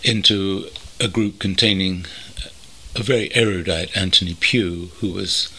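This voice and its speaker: An older man from North London, reminiscing thoughtfully as an interview guest, pausing often with ums. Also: sits low, fairly even intonation, sharp tone, breathy edge. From North London, England. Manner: thoughtful, measured, with many pauses and ums. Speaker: interview guest, veteran copywriter. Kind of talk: reflective reminiscing. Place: country home.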